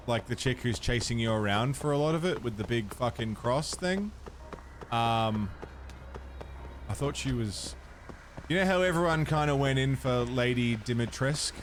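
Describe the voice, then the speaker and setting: A man with a medium-pitched voice streams a video game, with slight background noise behind him. He's laid-back, chatting casually with viewers in a let's-play style and swearing freely.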